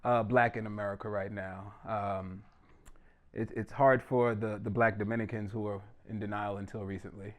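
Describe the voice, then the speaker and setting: A man performing a profane, animated stand-up comedy set on a small stage in a living room. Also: on the low side, moderate pace. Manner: loose, profane street talk, animated delivery.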